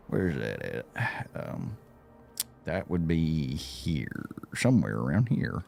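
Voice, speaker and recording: A man's voice: a bass voice, big pitch swings, takes it slowly, gravelly, darkish tone. A man giving casual, giggly gameplay commentary, rambling and poking fun at himself. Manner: giggly, rambling, self-mocking. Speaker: gameplay streamer.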